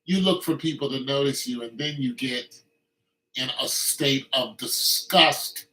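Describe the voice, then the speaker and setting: A man's voice: mid-range voice, a little slow, sharp tone, recorded from a distance. A man giving a teasing, needling comedic rant to the camera, firing mocking questions. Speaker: vlogger. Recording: echoey room, away from the mic.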